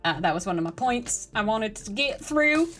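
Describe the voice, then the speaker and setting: A woman live-streaming a game, chatting with her viewers and getting excitable during play. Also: medium pitch, normal speed, faint music behind. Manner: chatty, excitable, talks to chat. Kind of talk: live-stream gaming chat.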